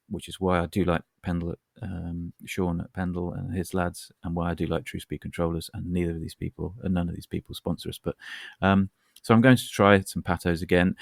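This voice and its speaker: Gravelly, deep-voiced man, wry. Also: no echo, clean studio sound. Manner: wry, rambling anecdotes with asides. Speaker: podcast co-host. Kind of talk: casual chat.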